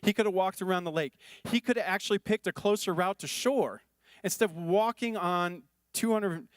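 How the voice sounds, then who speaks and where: A male pastor delivers a sermon in an earnest, chatty manner and repeats his phrases for emphasis. His voice sits fairly high for a man. The recording is dry and close, with no room echo. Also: moderate pace.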